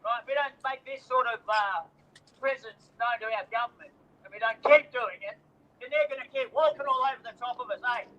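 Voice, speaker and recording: A man's voice: very high-pitched, fairly quick, pushed and bright, lo-fi sound, a little hiss or hum. An Australian man speaking at an outdoor rally, blunt and slangy.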